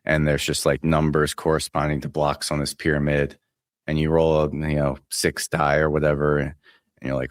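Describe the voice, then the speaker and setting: Male co-host, extremely low voice, dry deadpan delivery, close dry mic. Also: moderate pace, no echo. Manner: deadpan, understated verdicts. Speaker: podcast co-host. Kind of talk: casual chat.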